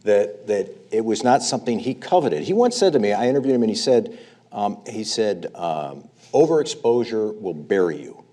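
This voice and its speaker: Mellow low-voiced male interviewer. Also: very animated, moderate pace. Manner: reflective, leads the guest into stories. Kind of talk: on-stage interview.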